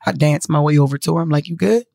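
A woman telling a story to her viewers in a casual, profane, animated way. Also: deep voice, very fast, creaky, no room sound.

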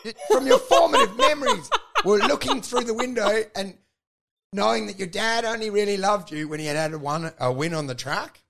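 An Australian man with a high, gravelly voice tells a story in casual podcast chat. He swears freely, acts out quotes and gets loud and shouty as he goes. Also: fairly quick. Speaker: comedian and podcast host.

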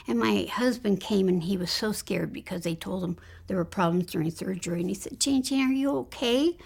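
A woman guest in an interview, earnestly recounting a personal spiritual experience and often dropping into a hushed whisper. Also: lowish voice, fairly even intonation, fairly quick, gravelly, husky. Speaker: guest telling her near-death story.

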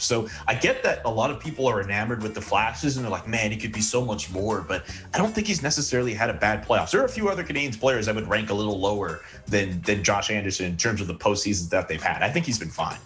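A man on a sports panel, making a measured, reasoned argument in casual chat. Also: lowish voice, a bit bright.

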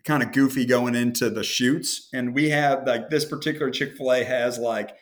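A man's voice: mid-range voice, steady tone, normal speed. A man from the American Midwest hosting a podcast, telling a long anecdote in a rambling, self-interrupting, casual way. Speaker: podcast host. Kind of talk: casual conversational storytelling.

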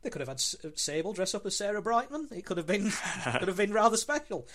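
Male guest co-host, slightly higher voice, eager, halting delivery full of ums. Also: very animated, a bit bright. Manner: enthusiastic with frequent ums and restarts. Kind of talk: casual podcast discussion.

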